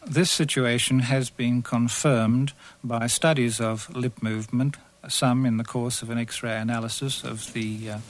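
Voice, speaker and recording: A man explaining points as a linguist in an interview, thoughtful and pausing with fillers. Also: medium pitch, steady tone. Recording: noisy interview recording.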